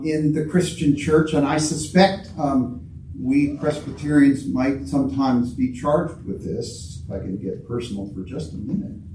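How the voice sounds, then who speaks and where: Guest pastor, male, unhurried and warm-toned, stop-start delivery; roomy church sound with faint background hum. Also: mid-range voice, distant mic. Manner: halting, repeats words while searching for phrasing. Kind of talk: sermon.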